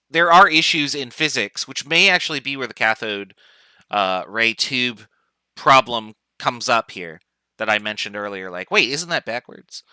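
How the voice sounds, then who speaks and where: A man teaching a chemistry class online, explaining in a relaxed, informal way with side remarks. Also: medium pitch, smooth, no echo, rough recording. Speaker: chemistry professor. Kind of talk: casual online lecture.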